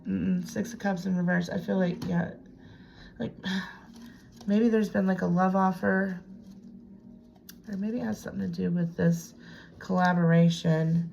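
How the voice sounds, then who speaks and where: Doing a casual tarot reading in a home room with a piano desk, a woman talks chattily to herself and sometimes whispers. Her voice is fairly low with vocal fry, and the audio is dull with slight background noise.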